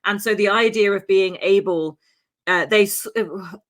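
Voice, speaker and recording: A woman's voice: medium pitch, measured pace. Chatty woman podcast host telling a story. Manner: chatty, many ums and asides, playful. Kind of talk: casual true-crime storytelling.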